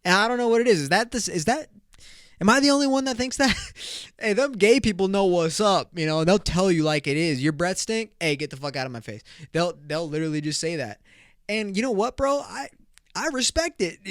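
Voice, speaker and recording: Young male solo podcast host, crude and rambling, with a smooth, slightly high voice and a dry close-mic sound. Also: a little fast, no room sound. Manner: crude, rambling, laughs often, swears freely. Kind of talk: casual solo podcast storytelling.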